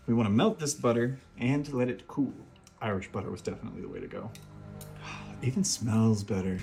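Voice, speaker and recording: A man's voice: medium pitch, brisk, creaky, mellow, faint music behind. Wry, joking man hosting a home cooking show. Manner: wry, self-deprecating, joking asides. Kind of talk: casual cooking vlog narration. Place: home kitchen.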